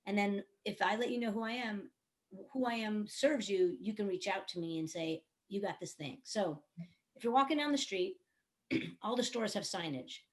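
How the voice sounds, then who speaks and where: Woman, mid-pitched voice, earnest coach, explaining on a video call panel. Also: normal speed. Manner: earnest, explanatory, uses everyday analogies. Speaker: songwriter, producer and coach. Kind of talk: panel discussion.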